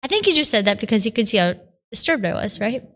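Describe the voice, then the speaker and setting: Woman, religious sister, guest on a podcast, tells her story with lively swings of pitch. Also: fast talker. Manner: animated storyteller who acts out her own quotes.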